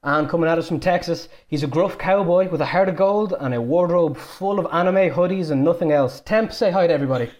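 A man's voice: fairly high pitch, fairly quick, hardly any pauses, darkish tone. A young Irish man hosting a casual podcast, joking and teasing his guests in a chatty way. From Ireland. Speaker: podcast host.

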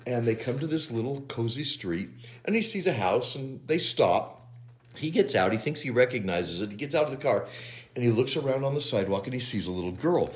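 Animated man retelling a plot. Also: medium pitch, fairly quick. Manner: animated storyteller, laughs while retelling plots. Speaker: podcast co-host. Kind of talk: casual episode recap chat.

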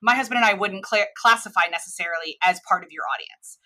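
An American woman in her thirties with a flat mid-Atlantic accent, speaking as an interview guest. Her voice is bright and forward, and she explains her points in long, animated stretches. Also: medium pitch, fast talker. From United States. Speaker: podcast guest, cross-cultural expert. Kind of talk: conversational interview.

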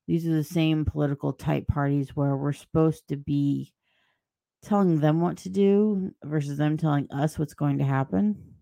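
A woman's voice: low voice, vocal fry, mellow, no room sound. A woman hosting a solo podcast, giving blunt, sarcastic opinions in a rambling way and mocking people with put-on voices. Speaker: podcast host.

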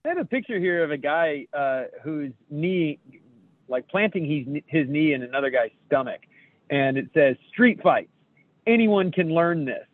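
A man in casual podcast chat reads memes and cracks self-deprecating jokes, swearing freely. His voice sits a little high. It comes through a tinny, phone-like line with a dry sound. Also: no room sound. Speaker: podcast co-host.

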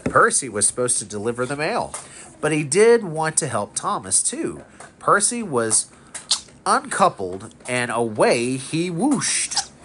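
A father reading a picture book aloud to his son, expressive with small slips. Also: on the high side, unhurried, slight background noise. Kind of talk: bedtime storybook reading.

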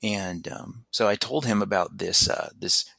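A man with a very low, gravelly voice tells a story in casual talk. His tone is husky, and he acts out quoted lines in a raised, animated voice. The sound is dry and close. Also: measured pace, no echo. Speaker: podcast guest telling his story.

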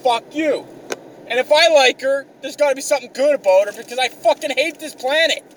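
A man's voice: very high-pitched, brisk. A young man ranting exasperatedly in a profane, comedic vlog, swearing constantly. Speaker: vlogger. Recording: mic a bit distant, faint car noise.

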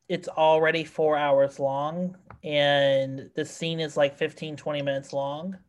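Brief: unhurried rambling film podcast host, exasperated critique, mid-range voice. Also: mid-range voice. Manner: rambling, exasperated, many fillers. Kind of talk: casual film review chat.

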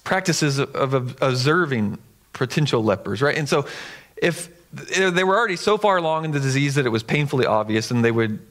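A man's voice: mid-range voice, animated, fairly quick, a bit bright. A man who is a pastor, preaching a sermon in an earnest, emphatic and conversational way with the odd filler.

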